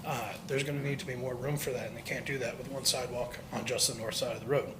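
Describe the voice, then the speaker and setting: A man speaking during public comment at a village council meeting, measured and polite with small hesitations. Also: mid-range voice, steady tone, noisy background.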